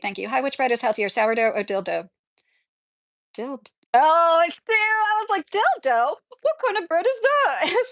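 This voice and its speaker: A woman with a Kentucky accent chatting casually on a livestream, reading viewers' messages and answering in a loose, filler-heavy way. Her voice sits a little high and is recorded close and dry, with no room sound. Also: dry recording. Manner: chatty, sympathetic, many "like" fillers. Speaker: livestream host reading chat.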